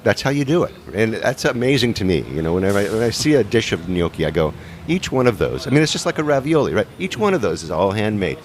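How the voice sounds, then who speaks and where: Lively deep-voiced travel show host. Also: male voice, fast, hardly any pauses, a little hiss or hum. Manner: chatty and enthusiastic, repeats words. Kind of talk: casual interview. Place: restaurant rooftop bar, outdoors.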